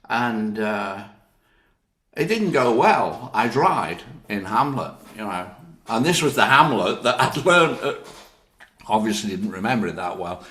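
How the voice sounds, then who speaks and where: Older northern guy spinning stories, low voice jumping all over, roomy echo. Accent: Northern English. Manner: lively, laughs often, quotes others in their voices. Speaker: actor interviewee. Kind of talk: anecdotal storytelling.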